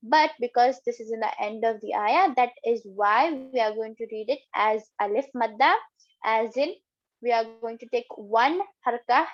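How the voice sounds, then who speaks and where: A patient woman with a fairly high voice guides a recitation lesson, saying each example slowly two or three times. The recording sounds dull and lo-fi. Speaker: Quran recitation teacher.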